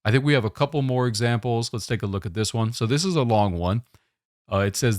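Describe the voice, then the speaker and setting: A man giving a test-prep lesson, explaining question types in a steady, methodical way. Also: mid-range voice, fast, no room sound, clean studio sound.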